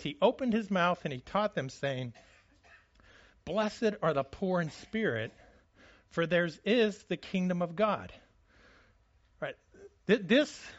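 A man's voice: sits high, fairly bright tone. A male pastor giving a conversational sermon at a church service, often restarting and repeating words and checking in with his listeners. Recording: dull lo-fi sermon recording.

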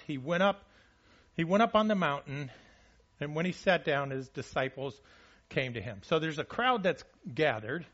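A man's voice: a little high, fairly bright tone. Man preaching, repeating words, dull recording. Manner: frequent restarts and repeated words, checks in with listeners. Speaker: pastor. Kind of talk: conversational sermon. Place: church service.

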